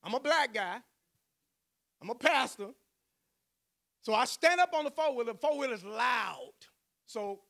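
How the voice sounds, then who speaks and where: A man's voice: extremely high pitch, expressive, a little slow, pauses often, sharp tone, a little hiss or hum. A male pastor, telling a personal story in a sermon, acting out the voices he quotes and laughing often.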